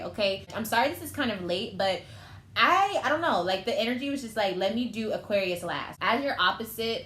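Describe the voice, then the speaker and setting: A woman's voice: medium pitch, fairly bright tone, a little hiss or hum. Emotional young woman reading tarot. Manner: emotional, chatty, thinking aloud. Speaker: tarot reader. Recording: echoey room with faint ambience.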